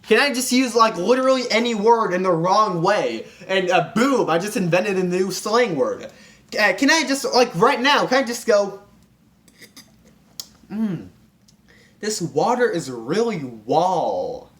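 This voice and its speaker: A young man with a high voice rants for comedy, sounding exasperated as he piles up fillers and false starts. His talk is casual and self-interrupting. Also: expressive, moderate pace, a bit bright. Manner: exasperated, full of fillers and restarts. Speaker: commentary vlogger. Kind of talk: comedic rant.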